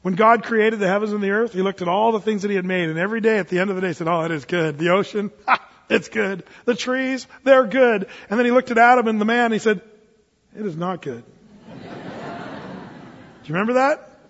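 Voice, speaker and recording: A man's voice: high voice, brisk, fairly bright tone, long reverb tail, highs cut off. A middle-aged man preaching a sermon in a folksy, conversational way, chuckling now and then. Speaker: pastor.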